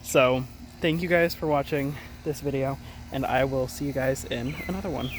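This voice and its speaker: Speaking at a moderate pace in a mid-range voice, this gardening vlogger gives a chatty, rambling tour of his outdoor garden, often fixing his words mid-sentence. Birds and countryside sounds fill the background, and outdoor noise creeps in as he occasionally moves away from the microphone.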